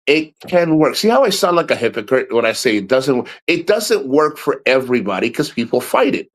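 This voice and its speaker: A middle-aged man talks straight into his streaming mic in a loose, rambling way. He is blunt and swears freely. His voice sits at an ordinary mid pitch. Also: a bit bright. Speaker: livestream host. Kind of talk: casual livestream talk.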